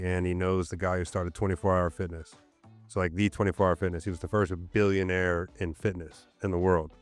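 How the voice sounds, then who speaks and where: A man's voice: deep voice, smooth. A man in his thirties, a podcast guest, telling a candid personal story in casual interview talk with lots of "so, like". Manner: candid, animated storyteller with fillers like "so, like". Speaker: podcast guest, gym owner.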